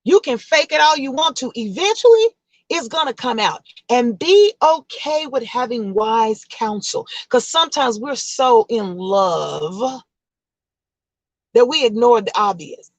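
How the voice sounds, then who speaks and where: A woman's voice: on the high side, expressive, a little slow, no room sound, poor audio. A woman life coach giving a motivational vlog talk, emphatic, with a repetitive, preaching cadence.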